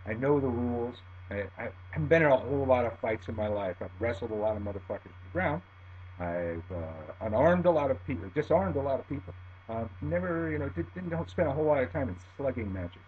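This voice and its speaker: A middle-aged man telling a profane personal story in an animated way, swinging between loud and muttered lines. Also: medium pitch, a little fast. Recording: dull lo-fi recording with faint hum.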